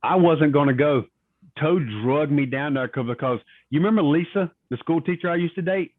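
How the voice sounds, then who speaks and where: A man's voice: a little high, a little fast, no room sound. A man, a guest on a podcast, telling long stories in a casual interview and acting out the voices of the people he quotes. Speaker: guest, retired wrestler. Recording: tinny phone-like line, dry.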